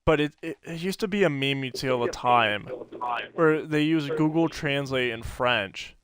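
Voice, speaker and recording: A man's voice: fairly high pitch, moderate pace, a bit bright, slight background noise. A man co-hosting a podcast, telling stories in a rambling casual chat full of fillers and laughs. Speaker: podcast co-host.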